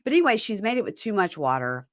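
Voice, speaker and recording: A woman co-hosting a casual podcast, recapping a reality TV episode and retelling scenes in a relaxed, chatty way. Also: medium pitch, quick pace, no room sound, clean studio sound. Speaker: podcast co-host.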